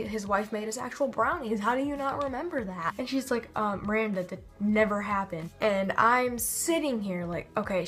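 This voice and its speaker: A young woman tells stories in a casual vlog, rambling and stopping herself to act out what people said. Her voice sits in an ordinary middle pitch. Faint music plays behind her. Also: a bit bright. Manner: rambling, self-interrupting, acts out quotes. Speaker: vlogger.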